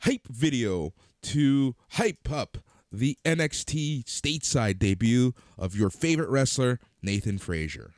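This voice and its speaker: A man with a very lively, up-and-down voice chats as a co-host, teasing and throwing out ideas. His voice sounds close and dry, with no room echo. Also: medium pitch, unhurried, few pauses. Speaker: wrestling podcast co-host. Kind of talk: casual chat.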